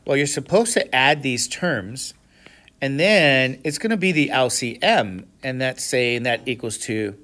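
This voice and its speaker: A man teaching a classroom lecture who keeps asking the class questions to check they follow, with sudden animated exclamations. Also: medium pitch, a little slow. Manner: asks the class frequent questions, checking understanding. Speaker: math instructor.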